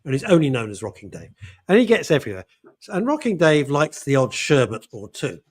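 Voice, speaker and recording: A male chat-show host with a fairly high voice that swings up and down as he spins a yarn. He laughs through his stories and keeps things bouncy. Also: brisk. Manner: animated storyteller, laughs often. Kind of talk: casual chat.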